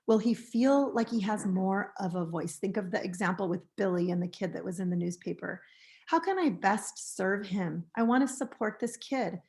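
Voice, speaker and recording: An American woman presenting a teaching webinar, gently and earnestly contrasting harsh phrases with supportive ones. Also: medium pitch. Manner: gentle, earnest, reads example phrases aloud. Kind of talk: recorded webinar lecture.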